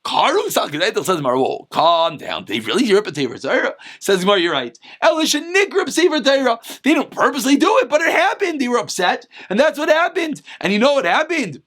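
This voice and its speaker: A man with a very high voice teaching a daily Talmud class. He reads short Aramaic phrases, then explains them in casual, conversational English. His voice jumps up sharply whenever he stresses a point. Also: fairly bright tone. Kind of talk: Talmud lesson, reading and translating.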